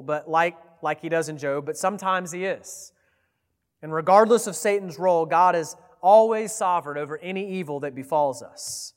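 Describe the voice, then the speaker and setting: A pastor giving a sermon, earnest and at times emphatic, recorded in a church sanctuary. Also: male voice, on the high side, big-room sound. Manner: earnest, rising to emphatic appeals.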